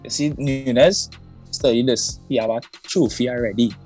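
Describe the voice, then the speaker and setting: A man's voice: medium pitch, fairly even intonation, moderate pace, darkish tone, soft background music. A man, co-hosting a casual football podcast, arguing his side and drawing out key words. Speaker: podcast co-host.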